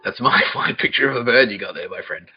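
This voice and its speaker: A man hosting a comedy podcast, rambling and swearing, often laughing, swinging between mumbles and shouts. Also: lowish voice, quick pace. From Australia. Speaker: podcast host. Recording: dull lo-fi podcast audio with faint music.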